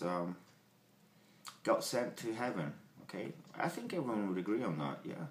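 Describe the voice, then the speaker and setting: A man's voice: lowish voice, sing-song, unhurried. A man reviewing an album at home in a rambling, profane monologue full of fillers and digressions. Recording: roomy home recording with faint background noise.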